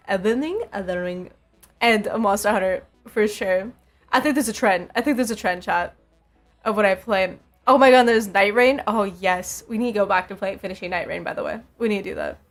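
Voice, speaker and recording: A young woman streaming, chatting casually with her viewers, laughing often and repeating herself. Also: medium pitch.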